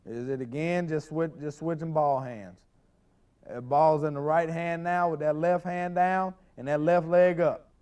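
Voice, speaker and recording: A man's voice: a little high, fairly even intonation, measured pace, a little mellow, clean tone. A man coaching football, explaining ball security drills on a practice field, often repeating and restarting phrases as he talks. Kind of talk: instructional drill demonstration.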